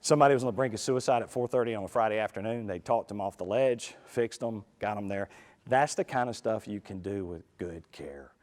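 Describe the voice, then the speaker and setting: A man giving a lively, folksy talk to a live conference audience, with many quick asides. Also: on the low side. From United States. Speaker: conference speaker. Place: conference hall. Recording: reverberant hall.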